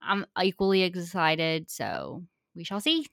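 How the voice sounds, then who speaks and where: A woman's voice: on the low side, sing-song, unhurried, gravelly, a bit bright. A woman co-hosting a podcast in casual chat who laughs easily. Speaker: podcast co-host.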